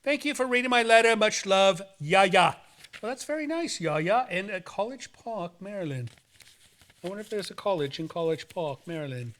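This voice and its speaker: A man's voice: high-pitched, expressive, normal speed, fairly bright tone. A man hosting a horror movie show, rambling and joking in playful banter. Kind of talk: playful, campy hosting chat.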